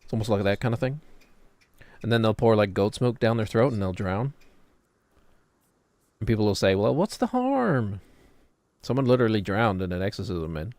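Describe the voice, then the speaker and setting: A man's voice: on the low side, a little mellow, no room sound. A man, streaming a game and chattering casually, rambling and joking as he plays. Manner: rambling, jokey, drifts into put-on British voices.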